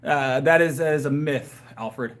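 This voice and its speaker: A man's voice: on the high side, a little slow. A man chatting casually with viewers on a livestream, rambling and hesitant with lots of fillers and restarts, his voice getting worn, outdoors in a yard. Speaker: livestreamer and powerlifter. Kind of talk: casual live chat with viewers.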